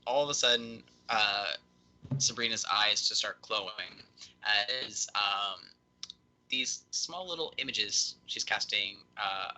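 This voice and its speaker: A man narrating as dungeon master of a streamed tabletop game, lively and halting with many fillers. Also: lowish voice, a little hiss or hum, low-quality recording.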